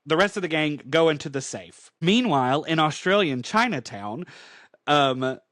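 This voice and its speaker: Man, podcast co-host, casual comic recap, a bit high, dry close sound. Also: animated, moderate pace, fairly bright tone, dry recording. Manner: chatty, emphatic, peppered with "like".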